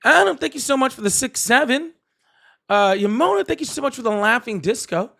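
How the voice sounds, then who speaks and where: A high, bright male voice that swings widely in pitch. He hosts a live stream in a loose, excitable way, laughs easily and keeps thanking his viewers. The sound is close and direct. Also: fairly quick, gravelly. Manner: excitable, laughs often, thanks donors at length. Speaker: host of live political call-in stream. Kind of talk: casual live-stream chat.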